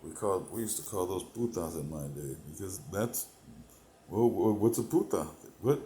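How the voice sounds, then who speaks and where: A man delivering a rambling, profane comedic monologue, meandering between thoughts, laughing to himself, and swinging between loud bursts and mumbled asides. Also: low-pitched, expressive, normal speed, reverberant, a little hiss or hum, low-quality recording. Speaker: comedic performer.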